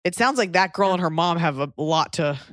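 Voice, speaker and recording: A woman in her thirties co-hosts a comedy podcast, her voice sitting a little low and recorded dry and close. She rambles through advice in a blunt, crude, joking way, with loose casual chat. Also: expressive, brisk, dry recording.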